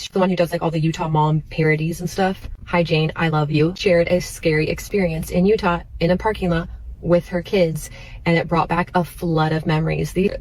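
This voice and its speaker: A woman's voice: lowish voice, darkish tone, rough recording. A young woman who creates mom content, telling a personal story straight to camera with emotion.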